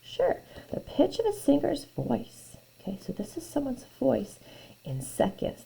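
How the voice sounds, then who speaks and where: A woman's voice: on the high side, wildly swooping pitch, normal speed, creaky, dark tone, slightly rough, rough recording. A woman math teacher talking through graph problems in a recorded lesson, thinking aloud, repeating her phrases and often dropping to a near-whisper.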